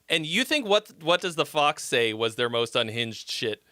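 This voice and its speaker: A man's voice: a little high, sing-song, normal speed, sharp tone, smooth, no echo, studio quality. A man from Massachusetts hosting a livestream, giving song feedback in a rambling, chatty way and laughing easily. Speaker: host reviewing listener songs. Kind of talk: casual livestream commentary.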